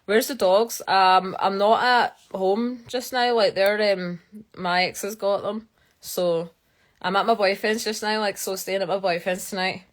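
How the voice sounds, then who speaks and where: Reading comments on her live stream, a young geologist from Scotland answers viewers' questions in a loose, filler-heavy way. She speaks a little slowly, at medium pitch, with fairly even intonation.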